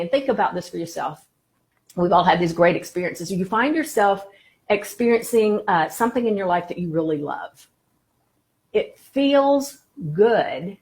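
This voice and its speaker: A woman teaching about the law of attraction on a live stream, encouraging and warm in her phrasing, greeting viewers by name between points. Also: medium pitch.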